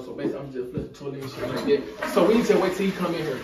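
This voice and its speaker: A man's voice: fairly high pitch, animated, very fast, few pauses, over loud music. A young man vlogging a prank, talking casually with lots of slang and swearing to his viewers. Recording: echoey room from far off, loud noise.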